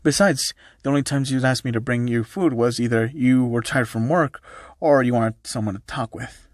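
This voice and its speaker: A man voicing an easygoing old man with a calm, soothing way of talking, in a fan-made story reading. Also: mid-range voice, moderate pace, dry recording, studio quality, lightly acted. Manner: relaxed, soothing.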